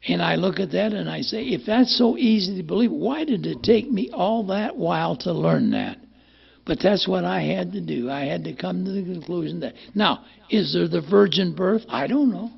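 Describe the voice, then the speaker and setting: An older man shares his story at a recovery meeting in a plainspoken, rambling way, stumbling over and repeating words. His voice sits high and sounds very gravelly and husky. The recording is muffled and lo-fi. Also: lively intonation, moderate pace. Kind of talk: personal testimony at a meeting.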